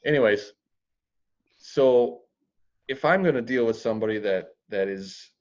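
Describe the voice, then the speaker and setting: Speaking at an unhurried pace, this man has a mid-range, slightly mellow voice. He's an interview guest on a podcast about real estate, blunt and plain-spoken, mixing dry humor with a crude word now and then. The recording sounds dull and lo-fi.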